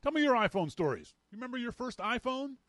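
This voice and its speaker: A man from Canada hosting a podcast, telling a story in a casual, animated way and acting out the lines of people in it. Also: very high-pitched, fast, dry recording. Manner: animated, acts out quoted dialogue. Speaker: podcast host.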